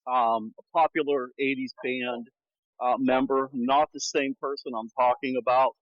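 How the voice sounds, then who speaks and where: A man's voice: mid-range voice, little pitch movement, moderate pace, dry recording, dull audio. A man hosting a podcast while out walking, a little out of breath, telling frank stories about difficult guests. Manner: candid storytelling, frank about bad guests. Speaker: podcast host. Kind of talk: casual chat. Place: outdoors on a walk.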